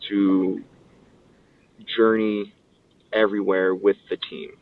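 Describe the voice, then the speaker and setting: A man's voice: deep voice, slow pace. A man guest on an interview, telling stories casually and acting out what others said. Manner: animated storyteller acting out quotes. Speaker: guest, pro wrestler. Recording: distant, phone-like line.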